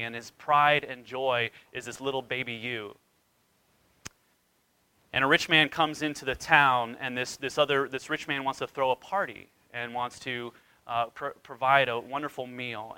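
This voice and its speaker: A pastor delivers his sermon with a sharp, forceful edge to his voice, leaning hard into dramatic retellings. His emphasis rises and falls widely as he drives each point home. The sound is close and dry, with no room around it. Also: medium pitch, clear, resonant tone, no room sound, low-quality recording. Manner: dramatic storytelling with wide swings in emphasis.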